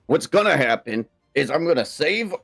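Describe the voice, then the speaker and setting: A man's voice: fairly high pitch, sing-song, normal speed, vocal fry, fairly bright tone, soft background music. A man speaking in character as a player in a tabletop game, rambling and flustered, fumbling names. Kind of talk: in-character tabletop role-play.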